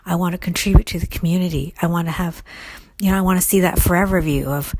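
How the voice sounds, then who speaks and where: A woman's voice: fairly low pitch, fairly even intonation, fast talker, a little mellow, no room sound. A middle-aged woman casually answering listener questions on recovery, thoughtful and full of fillers and restarts. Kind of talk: casual solo Q&A talk.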